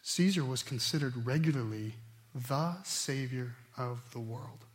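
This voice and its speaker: A middle-aged man preaching a sermon, animated, swinging between loud emphatic stretches and quiet asides. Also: medium pitch, unhurried. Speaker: pastor.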